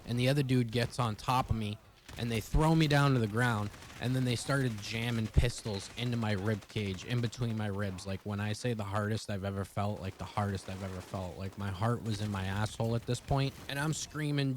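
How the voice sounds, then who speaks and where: This young vlogger, whose voice is lowish, tells his viewers a personal story in a fast, rambling, profane way. The tone is casual, and faint background noise can be heard.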